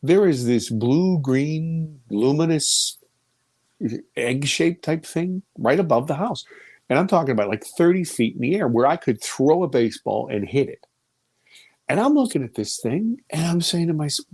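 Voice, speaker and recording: Lively, animated man in his fifties. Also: on the high side, moderate pace, husky, dry recording. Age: 50s. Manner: animated, swings from loud quoted exclamations to hushed near-whispers. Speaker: guest telling a personal story. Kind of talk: storytelling in a conversational interview.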